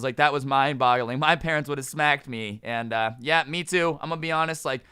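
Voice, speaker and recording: A man's voice: on the high side, fairly quick, hardly any pauses, sharp tone, clear, resonant tone, dry recording, studio quality. A man telling a storytime vlog in a casual, joking, sarcastic way. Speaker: storytime YouTuber.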